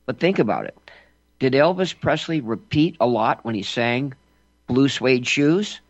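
Emphatic talk radio host. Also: male voice, mid-range voice, lively intonation, unhurried, no room sound, lo-fi sound. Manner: emphatic, folksy asides.

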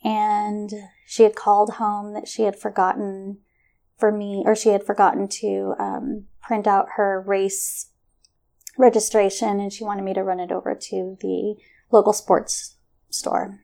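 A middle-aged woman telling a personal story in conversation, animated and acting out the voices of others, often laughing. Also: mid-range voice, measured pace, creaky. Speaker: guest.

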